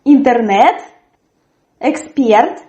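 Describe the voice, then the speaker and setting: A woman teaching a language lesson, articulating words clearly and repeating them for learners. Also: fairly high pitch, very slow, echoey room, highs cut off, noisy background. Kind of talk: slow, careful language lesson.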